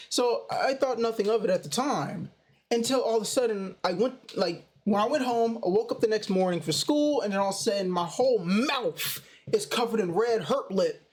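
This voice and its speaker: A young man casually telling a personal story in a slangy, animated way. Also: high voice. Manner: slangy, animated retelling with "bro" and "you know". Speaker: storytime vlogger.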